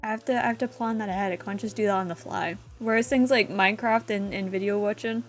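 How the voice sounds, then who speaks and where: A woman's voice: mid-range voice, fast, soft background music. A woman streamer chatting casually and playfully teasing her chat during a live stream. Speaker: VTuber streamer.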